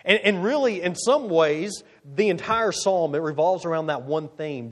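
A man preaching a sermon, reading scripture slowly and deliberately with strong emphasis. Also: fairly high pitch, animated. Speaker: pastor.

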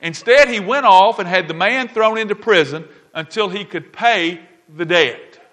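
A man's voice: sits high, measured pace, pushed and bright. A man preaching a sermon, retelling a parable with emphatic repeated phrases and frequent "all right?" check-ins with his listeners. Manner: emphatic, repeats key lines, checks in with the audience. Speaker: pastor.

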